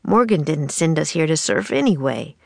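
A woman's voice: sits low, sing-song, normal speed, creaky, darkish tone, no room sound, heavily acted. A woman reading the lines of a sulky, cross young boy in a storybook, with a sullen, muttering manner.

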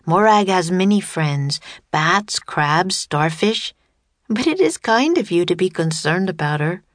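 A woman doing a calm, gentle sea girl. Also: fairly low pitch, dry recording. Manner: gentle, formal, measured. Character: calm, kind, bold teenage sea girl.

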